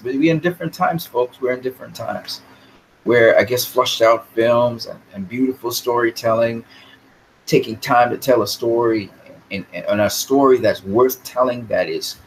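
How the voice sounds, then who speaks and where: A man's voice: mid-range voice, slight background noise, poor audio. A man talking casually with his live chat about movies. He speaks in a rambling, opinionated way and often repeats words as he thinks. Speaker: live stream host answering chat.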